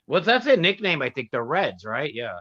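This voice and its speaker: A man's voice: on the high side, sing-song, normal speed, sharp tone, no echo. A man on a casual live-stream chat, bantering, laughing often and slipping into mock accents. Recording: dull lo-fi audio.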